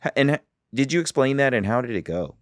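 A man's voice: medium pitch, animated, quick pace, no room sound, studio quality. A man hosting a podcast, who reflects on and sums up his guest's story before asking questions. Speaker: podcast host. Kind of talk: interviewer summarizing and asking.

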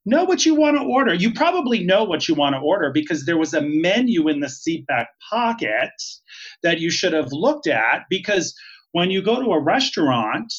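A man's voice: fairly high pitch, very animated, moderate pace, husky. Chatty man, dull lo-fi sound. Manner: chatty and emphatic, laughs easily. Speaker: podcast guest, retired flight attendant. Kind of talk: casual interview.

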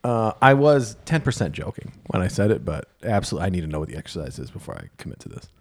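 A man's voice: sits low, sing-song, fast, breathy edge. A man co-hosting a podcast, telling a story in casual chat, wry and laughing often, swearing freely. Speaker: podcast co-host.

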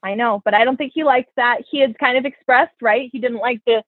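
A woman's voice: fairly high pitch, fairly quick, no room sound. Woman telling a story over tinny phone-like audio. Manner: animated, profane, quotes people in her stories. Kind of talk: casual storytelling chat. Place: New York.

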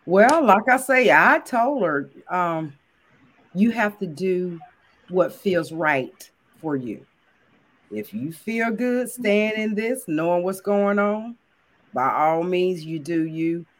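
A woman's voice: on the low side, expressive, slow. Earnest woman insisting on her story. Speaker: co-host. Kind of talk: casual podcast chat.

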